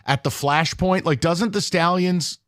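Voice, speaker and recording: A man's voice: high-pitched, unhurried, a bit bright, no echo. A man hosting sports talk radio in a studio, blunt and sarcastic, with emphatic jabs. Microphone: studio mic.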